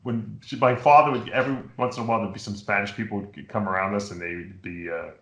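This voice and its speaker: A middle-aged man from New York hosting a show, chatting casually and telling rambling, animated stories. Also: lowish voice, quick pace, roomy sound. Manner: rambling, animated storytelling with impressions. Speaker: podcast host. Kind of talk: casual chat.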